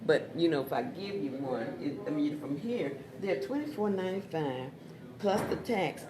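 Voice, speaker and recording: A woman's voice: low voice, animated, normal speed. Chatty woman laughing at her own jokes. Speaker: author selling her Spanish dictionary. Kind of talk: casual sales chat with jokes. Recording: crowd noise behind.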